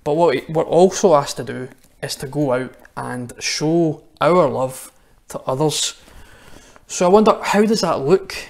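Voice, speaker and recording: A man's voice: a little high, a little slow, vocal fry. A Scottish man talks straight to children watching at home. His children's address is chatty and friendly, full of little asides and questions. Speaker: church minister. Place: church, online service.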